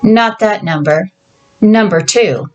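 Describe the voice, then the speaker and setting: Woman reading as an injured man, embarrassed, insistent, fretful, mid pitch, storybook reading. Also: slow, muffled recording, faint music behind, close to an everyday voice.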